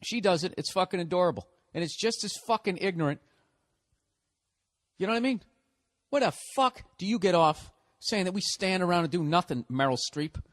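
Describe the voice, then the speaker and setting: Guy with a kinda high voice ranting on his podcast, swearing a lot, fed up. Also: expressive, a little fast. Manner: profane, exasperated ranting. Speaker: podcast host. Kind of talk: ranting comedic monologue.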